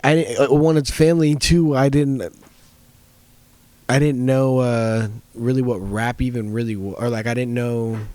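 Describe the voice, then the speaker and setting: A young man co-hosting a podcast, chatting in a relaxed, joking way with casual swearing. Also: mid-range voice, no echo. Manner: laid-back, joking, swears. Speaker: podcast co-host. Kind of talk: casual chat.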